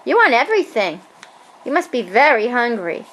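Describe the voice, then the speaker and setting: A woman's voice: a little high, very animated, moderate pace, a bit bright, slight background noise, poor audio. A woman talking playfully with a toddler in a home video, encouraging and sing-song. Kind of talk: home video, coaxing a small child.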